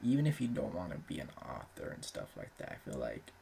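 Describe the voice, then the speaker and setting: A young man with a deep, gravelly voice talks casually as the host of his own channel. His speech is loose and rambling, peppered with filler words and the odd swear. His pitch swings widely, rising and dropping as he goes. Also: wildly swooping pitch, brisk, warm tone, slight background noise. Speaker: aspiring author and channel host. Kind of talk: casual chat.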